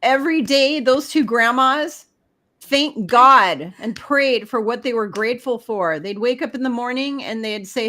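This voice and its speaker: A woman's voice: a little high, normal speed, pushed and bright. A middle-aged woman giving spiritual advice in an emphatic, preachy way, speaking straight to the listener. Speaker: spiritual guest. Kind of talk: casual spiritual advice talk.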